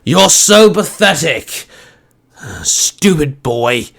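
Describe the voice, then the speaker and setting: Taunting cruel male monster, voiced by a male narrator; slow, gloating storybook delivery. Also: medium pitch, expressive, a bit bright. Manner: gloating, mocking, chuckling.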